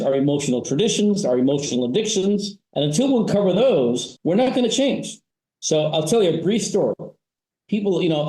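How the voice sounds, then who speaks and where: A man's voice: on the high side, dark tone, roomy sound, low-quality recording. A man advising on family business, explaining ideas in a conversational interview and telling stories with frequent "you know" and "right?" tags.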